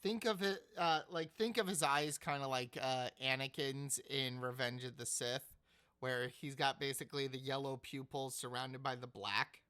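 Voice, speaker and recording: A man narrating as game master of a tabletop game, slow and halting, often restarting his words. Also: medium pitch, fairly even intonation, pushed and bright, clean tone.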